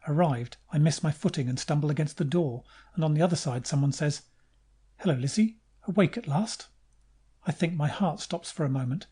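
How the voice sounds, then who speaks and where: A man narrating a science fiction audiobook in the first person, in a steady, measured way. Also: fairly high pitch, slightly rough.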